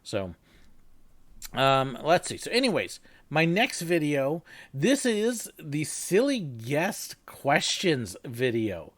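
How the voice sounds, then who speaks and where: A man's voice: a little high, wildly swooping pitch, slow pace, a bit bright. A man hosting a live chat, talking casually and joking while answering viewers and telling work stories. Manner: chatty, laughs easily, jokey. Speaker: host. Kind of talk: live reaction chat and storytelling.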